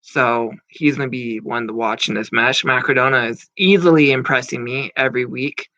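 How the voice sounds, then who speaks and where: A man's voice: mid-range voice, normal speed, pushed and bright, no echo. A man in his thirties giving casual, rambling wrestling predictions, with frequent fillers and casual swearing. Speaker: wrestling commentator. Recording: muffled lo-fi dry recording.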